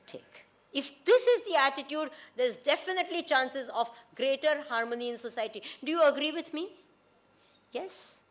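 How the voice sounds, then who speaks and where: A woman's voice: sits high, pushed and bright. A woman with an Indian accent giving a talk to an audience, often asking them questions and mixing in Hindi and Gujarati phrases. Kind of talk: lecture to an audience.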